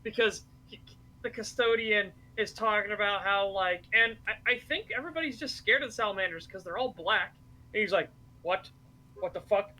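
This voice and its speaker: Bright high-voiced excitable man. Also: brisk, poor audio. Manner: excitable, swears freely, laughs while retelling. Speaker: stream co-host. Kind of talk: casual chat.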